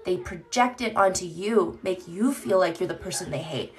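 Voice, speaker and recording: A woman's voice: lowish voice, moderate pace. A woman chatting candidly on a live stream into her phone, rambling and swearing casually as she reads comments.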